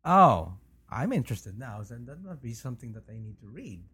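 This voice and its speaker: A man's voice: mid-range voice, sing-song, a little fast, a bit bright, breathy edge. A man co-hosting a casual talk show, jokey and teasing in his banter. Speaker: co-host.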